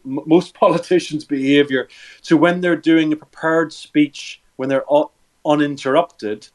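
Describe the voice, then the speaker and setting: A middle-aged man, a body language expert, answering interview questions in an instructive way, walking the listener through hand gestures step by step and repeating words as he restarts sentences. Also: mid-range voice.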